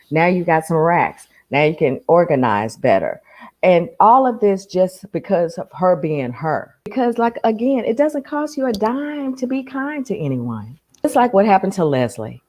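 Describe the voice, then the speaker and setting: Low-voiced woman telling stories emphatically. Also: darkish tone. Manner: emphatic, storytelling, calls people honey and darling. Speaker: podcast guest. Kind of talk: casual podcast chat.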